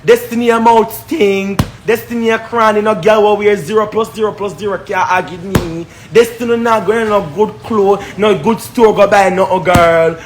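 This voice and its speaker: High-voiced Jamaican man ranting. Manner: confrontational, repetitive, scornful. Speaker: live streamer. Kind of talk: heated live-stream rant.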